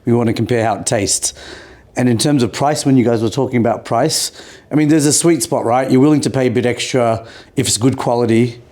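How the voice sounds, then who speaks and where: A man's voice: mid-range voice, fairly quick, darkish tone. A man with an Australian accent, a podcast guest talking casually and explaining his points with rhetorical questions. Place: podcast studio.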